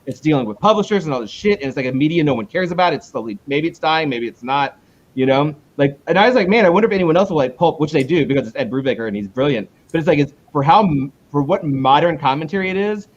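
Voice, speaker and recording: A male comic book creator being interviewed in a casual chat. He rambles, restarts himself and jumps up in pitch when he retells conversations. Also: animated, fast talker, dull audio.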